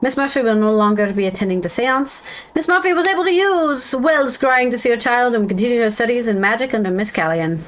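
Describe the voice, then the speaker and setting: A woman's voice: a little high, lively intonation, a little fast, fairly bright tone. A woman streamer chatting casually while playing a detective game and reading its dialogue aloud. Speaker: gaming streamer. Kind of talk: casual let's-play commentary.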